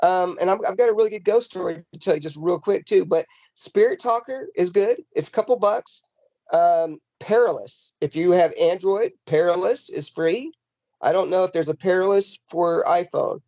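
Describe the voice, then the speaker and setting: A man's voice: high voice, moderate pace, no echo. Rambling man telling a ghost story. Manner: rambling, animated, lots of fillers and restarts. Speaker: paranormal investigator guest. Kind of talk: casual storytelling in an interview. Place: home in the mountains. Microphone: video call.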